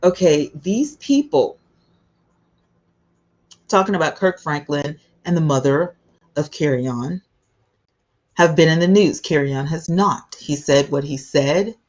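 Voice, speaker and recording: Low slow-talking woman streamer. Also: darkish tone, highs cut off. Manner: chatty, greets viewers by name, emotional asides. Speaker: livestream host. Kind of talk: casual livestream commentary.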